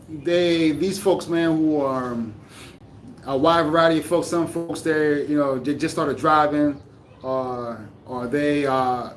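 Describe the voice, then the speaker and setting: Male vlogger from the US, casual rambling delivery, slightly high pitch, faint background hiss. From United States. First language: English. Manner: rambling, many fillers and restarts. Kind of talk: casual reflective talk to camera.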